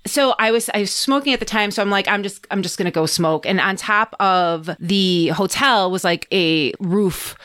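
A woman's voice: medium pitch, moderate pace, few pauses, fairly bright tone, clean tone. A woman guest on a podcast, telling a story in a casual chat, acting out what people said and swearing freely. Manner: chatty, acts out her own and others' lines, swears freely.

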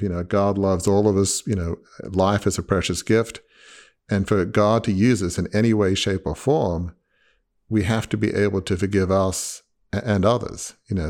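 Male podcast host, low voice, earnest, emphatic, conversational interview. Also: a little mellow. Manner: earnest, emphatic, repeats key points.

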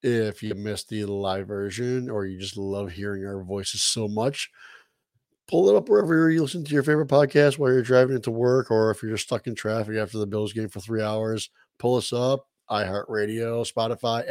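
A man's voice: lowish voice, normal speed, a little mellow, dry recording, studio quality. A man co-hosting a podcast, giving the show's outro in an upbeat, promotional way. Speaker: podcast co-host. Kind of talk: show outro announcement.

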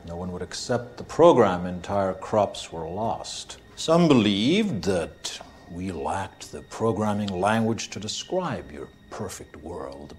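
An actor playing a cold, menacing machine agent who lectures in a measured, contemptuous way, in a film scene. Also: male voice, lowish voice. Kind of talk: film dialogue.

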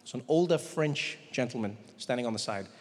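Animated stand-up comedian in a big hall. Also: male voice, mid-range voice. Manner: animated, quick shifts into character voices. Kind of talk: stand-up storytelling. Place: large theater stage. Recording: live in a large hall with faint noise.

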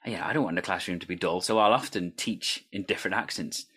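Low-voiced teacher telling stories. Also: male voice, fast talker, a bit bright, slightly rough. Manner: fluent, anecdotal storytelling. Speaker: teacher and improv performer. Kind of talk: casual chat.

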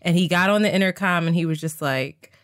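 A woman co-hosting a casual chat, telling a story with lively acted-out quotes. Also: on the low side, brisk. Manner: animated storyteller, acts out quotes. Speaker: podcast co-host.

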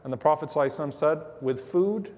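A man giving a religious lecture, telling a story in an animated way and acting out the voices of the people in it. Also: fairly high pitch, racing, long reverb tail. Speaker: Islamic lecturer.

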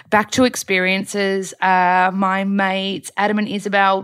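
Casual vlogger, young woman, low-pitched, loose and chatty. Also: smooth. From Australia. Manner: chatty, rambling, with many fillers. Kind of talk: casual chat.

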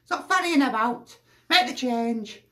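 A man voicing a squeaky, foul-mouthed football fan who cackles and swears gleefully. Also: lively intonation, unhurried, fairly bright tone, heavily acted. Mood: earnest. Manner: gleeful, sweary, cackling, full of tag questions. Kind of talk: comic character rant.

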